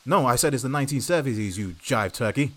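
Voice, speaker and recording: A man's voice: mid-range voice, lively intonation, quick pace, fairly bright tone, dry recording. A man voicing an overly cheery retro field reporter in a comedy news sketch, with a jaunty 1950s radio-presenter delivery. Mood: chirpy.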